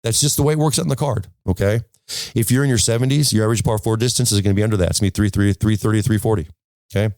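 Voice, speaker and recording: Talking rapid-fire to the camera, a golf instructor delivers an informal lesson in a fairly low, darkish voice, recorded dry. He keeps restarting, tells stories with emphasis, and asks "okay?" over and over.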